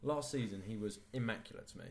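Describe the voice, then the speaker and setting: A man's voice: fairly low pitch, fast, a little mellow, slight background noise. A man co-hosting a casual football podcast, opinionated and enthusiastic about players. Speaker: podcast co-host.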